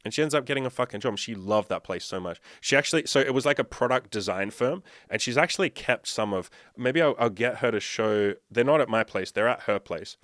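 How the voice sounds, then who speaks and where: A man's voice: mid-range voice, expressive, fairly quick, hardly any pauses, a bit bright, no room sound, studio quality. A young man from Australia, a dating and self-improvement coach, telling a story in a casual, profane, emphatic way. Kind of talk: casual monologue to camera.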